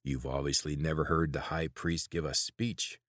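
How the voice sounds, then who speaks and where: A man's voice: a bass voice, fairly even intonation, normal speed, a bit bright, dry recording, clean studio sound. A man voicing a scornful, growling male guard with rotten teeth in an audiobook. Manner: growling, sneering. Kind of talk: audiobook character voice.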